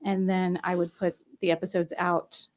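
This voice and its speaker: A woman's voice: on the low side, flat delivery, normal speed. A woman guest on a casual podcast, explaining her shows in an upbeat, chatty way. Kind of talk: casual interview chat.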